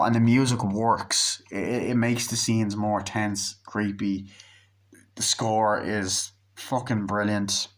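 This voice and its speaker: Rambling, cursing young male movie reviewer. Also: fairly low pitch. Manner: rambling, swears freely, acts out scenes. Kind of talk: casual spoken movie review.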